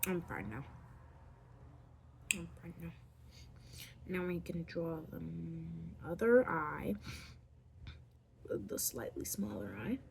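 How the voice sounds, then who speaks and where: With a dark, gravelly voice, a woman vlogger talks casually while drawing a tutorial on camera. Playful and rambling, she often whispers as she works and makes goofy squeaks. Some slight background noise is audible.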